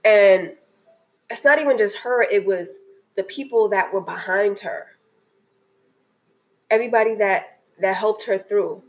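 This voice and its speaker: A woman's voice: mid-range voice, measured pace, long pauses, low-quality recording. A woman talking casually and earnestly about a documentary that moved her, often restarting her sentences. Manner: earnest and emotional, many restarts. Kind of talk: casual spoken film review.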